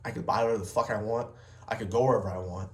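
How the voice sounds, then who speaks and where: A young vlogger and salesman rants bluntly and unscripted to camera, swearing heavily and stressing his words emphatically. His voice is on the low side and steady in tone but rapid-fire, in an echoey room.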